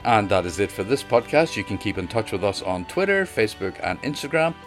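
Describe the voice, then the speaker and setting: Low-voiced male podcast host. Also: sing-song, fairly quick. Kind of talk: podcast outro. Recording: faint music behind.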